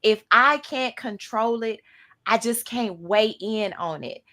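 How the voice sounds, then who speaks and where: A woman's voice: fairly high pitch, slow pace, sharp tone. A woman hosting a radio talk show, speaking earnestly about faith and hard times, often restarting her sentences. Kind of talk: casual talk show discussion.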